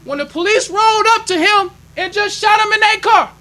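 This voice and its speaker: High-voiced preaching man, bright tone. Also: brisk. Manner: emphatic, conversational preaching. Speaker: minister. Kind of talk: sermon with call-and-response.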